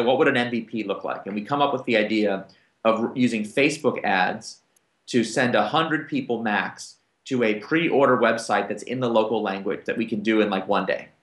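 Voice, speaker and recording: A man's voice: medium pitch, quick pace. Man telling stories in an echoey room. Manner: animated, acts out quoted dialogue. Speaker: conference panel speaker. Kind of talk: anecdotal storytelling to an audience.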